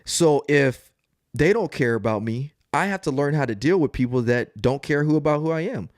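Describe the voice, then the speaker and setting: A man's voice: a little high, normal speed, no echo, clean studio sound. A man co-hosting a casual podcast, telling stories with lots of energy and acting out the voices of the people in them. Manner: animated storyteller who acts out quoted voices. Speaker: podcast co-host and police officer. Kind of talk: casual chat.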